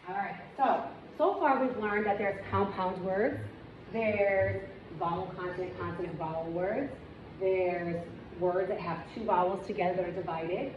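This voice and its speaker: A woman reading teacher giving a demonstration lesson, with clear, encouraging, step-by-step instructions and asides to other teachers. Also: fairly low pitch. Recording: echoey room, dull and noisy sound.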